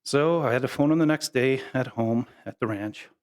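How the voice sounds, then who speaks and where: A middle-aged man giving a memorial speech, telling folksy, humorous stories in a casual, halting way. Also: medium pitch, clear, resonant tone. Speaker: family member giving a eulogy.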